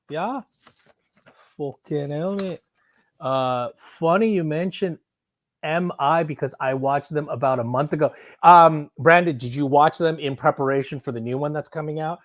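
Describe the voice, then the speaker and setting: A man chatting casually on a live stream while unboxing, excitable and rambling, swearing freely. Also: a little high, no room sound. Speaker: streamer unboxing and answering chat.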